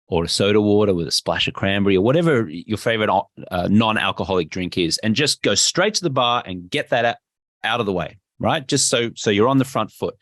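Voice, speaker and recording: A man's voice: on the low side, expressive, fairly quick, fairly bright tone, no room sound, clean studio sound. A man with an Australian accent, a podcast guest and health coach, talking emphatically and acting out little dialogues. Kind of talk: energetic interview talk.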